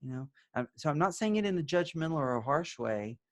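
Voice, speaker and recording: A middle-aged man teaching couples as a therapist, talking conversationally, asking and answering his own questions, and softly acting out gentle example phrases. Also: a little high, expressive, a little fast. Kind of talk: video lesson to camera.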